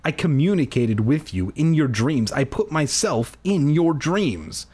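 A man reading aloud as a menacing young man who lives in a basement, speaking low, cold and insistent. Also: animated, a little slow, darkish tone, husky. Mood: calm. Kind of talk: comedic dramatic reading.

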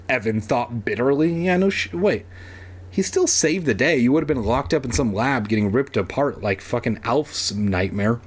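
A young man hosts a reading of a children's horror story, breaking off for joking asides in which he swears. His voice is husky and medium-pitched, at a moderate pace, and his manner is lively and playful.

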